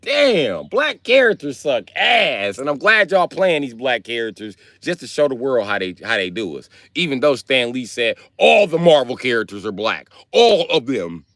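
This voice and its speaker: On a live stream, a man rants casually through comedic stories full of profanity and slang, animated the whole way. His voice is medium in pitch and he talks at normal speed with hardly any pauses. The sound is dry and clean, like a studio.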